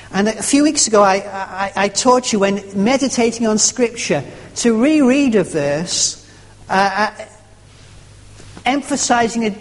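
Preacher in a reverberant church. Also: medium pitch. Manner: emphatic, repeating phrases and stressing words in turn. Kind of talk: sermon.

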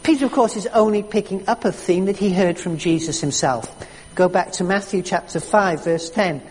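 Husky slow-talking preacher, leans on the big words, long echo behind. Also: mid-range voice, darkish tone. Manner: slow, emphatic storytelling. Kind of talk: sermon. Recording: echoey hall reverb.

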